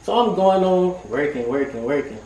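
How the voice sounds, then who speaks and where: A young man speaks in a high voice for a man, relaxed and slangy, full of fillers as he opens up to the group. The sound is roomy and picked up from some way off. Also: normal speed, a little hiss or hum. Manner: slangy, loose, says "you feel me" and "like" again and again. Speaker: team member sharing his story. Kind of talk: casual heartfelt testimony in a group circle. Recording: roomy, from a distance.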